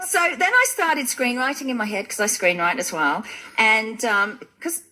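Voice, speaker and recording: A woman's voice: a little high, normal speed, heavy background noise. A woman presenting a chatty radio segment, telling stories with plenty of laughter. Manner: animated, laughing storyteller. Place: radio studio.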